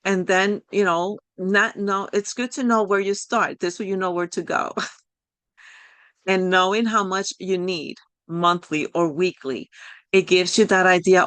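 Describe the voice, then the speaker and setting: Encouraging woman coach, accented, low-pitched. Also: fairly even intonation, measured pace, a bit bright, smooth, dry recording. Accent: non-native English accent. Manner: encouraging, loose and rambling, many fillers and apologies. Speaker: life coach leading a group session. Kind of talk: online workshop talk.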